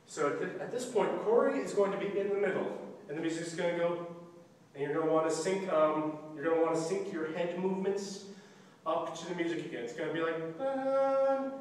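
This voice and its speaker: A young man explains stage blocking in a casual way, singing the music cues and acting out the lines. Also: fairly high pitch. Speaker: student play director. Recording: echoey hall, distant mic, faint noise.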